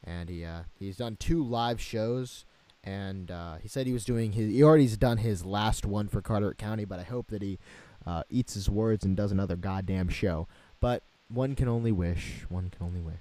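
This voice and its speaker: Young male host, low voice, dry close mic, rambling jokey chat. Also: normal speed, mellow, dry recording. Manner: rambling, joking, lots of fillers and restarts. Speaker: show host. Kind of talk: casual talk-show chat. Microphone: new home microphone.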